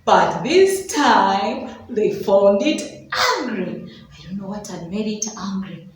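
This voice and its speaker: Echoey, slow, lively woman teacher. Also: mid-range voice. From Uganda. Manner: animated, sing-song storytelling with gasps and exclamations; slow, drawn-out sounding of letters. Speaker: preschool teacher. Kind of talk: children's phonics lesson with storytelling. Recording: very echoey room, voice from far off.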